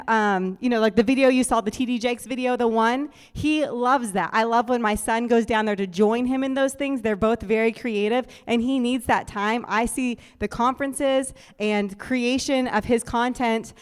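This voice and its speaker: Earnest woman with a smooth, clear voice. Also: on the high side, normal speed, hardly any pauses, big-room sound. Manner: earnest, steady, explains with fillers. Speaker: co-host, business partner. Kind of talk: speaking at a business conference.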